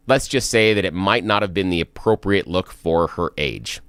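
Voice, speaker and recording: A man with a fairly low but very lively voice co-hosting talk radio. He rambles through a story, hesitating often and poking fun at himself. The sound is dry and close. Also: normal speed, smooth, dry recording. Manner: rambling storyteller, self-deprecating. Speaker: radio co-host.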